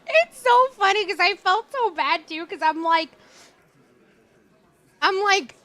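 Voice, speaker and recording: A young woman chatting with her stream audience, talking fast and loose, laughing and swearing as she goes. Her voice is very high and bright, with a lively, swooping pitch. She sounds fully at ease. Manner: chatty, animated, laughs often, swears freely. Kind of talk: casual chat while streaming a game.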